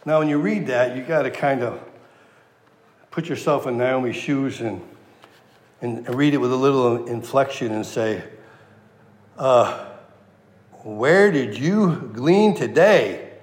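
A man preaching a sermon, animated, acting out the lines he quotes with plenty of inflection. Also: medium pitch, measured pace, pauses often, in a large hall.

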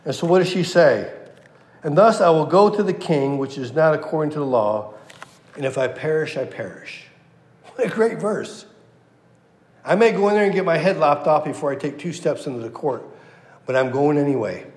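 A man preaching a sermon, quoting scripture with passion and dropping to a hush at key lines. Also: on the high side, animated, a little fast. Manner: impassioned, swings from loud to hushed. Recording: echoey room.

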